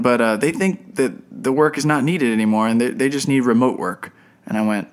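A young man co-hosting a podcast tells a personal story in an easy, chatty way. He slips into the voices of the people he quotes. His voice sits at a middling pitch. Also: brisk, smooth. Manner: animated, acts out quoted people. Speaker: podcast co-host. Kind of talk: casual storytelling chat.

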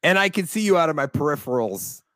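An upbeat young man from the United States chats about sports as a podcast co-host. His voice sits fairly high and comes through dry and close, with no room sound around it. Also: no room sound. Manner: animated, enthusiastic, quick to laugh. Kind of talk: casual sports chat.

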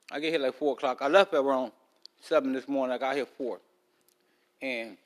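A man hosting a podcast, telling a long story in a loose, rambling casual way, talking around a loose tooth. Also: on the high side. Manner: loose, rambling, with many fillers and restarts. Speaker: podcast host.

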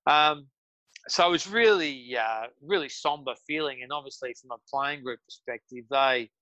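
Aussie guy yarning away, bright forceful voice, dry close sound, lots of um and you know. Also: medium pitch, normal speed, no room sound, dull audio. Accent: Australian. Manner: rambling with many restarts and fillers. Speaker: guest. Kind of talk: casual storytelling.

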